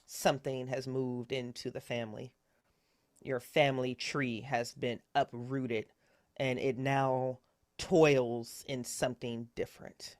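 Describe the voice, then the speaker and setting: A woman narrating a horror tabletop game as game master in a calm, measured way. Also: a bass voice, no echo, studio quality.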